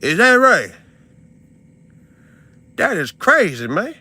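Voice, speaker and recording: A young man, ranting to his stream audience in a heated, profane, incredulous way, swinging from loud outbursts to low mutters. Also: wildly swooping pitch, takes it slowly, breathy edge, no room sound. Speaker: livestreamer venting to his audience. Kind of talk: heated casual rant.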